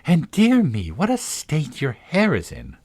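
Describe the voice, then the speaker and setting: A man's voice: fairly high pitch, wildly swooping pitch, unhurried, darkish tone, slightly rough, voice pushed up, full character voice. A man voicing a curious, polite young girl in a storybook reading, raising his voice to sound earnest and inquisitive.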